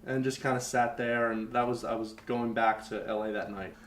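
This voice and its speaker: A man's voice: mid-range voice, fairly even intonation, normal speed. A young man telling a personal story in conversation as a podcast guest, candid and rambling, full of fillers. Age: young adult. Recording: roomy echo, faint background noise.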